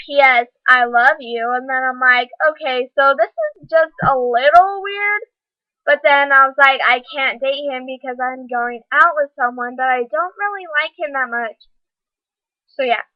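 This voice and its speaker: A woman's voice: high voice, no echo, muffled recording. A teenage girl rambling through a school drama story in a casual vlog, full of "like" and "um". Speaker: vlogger.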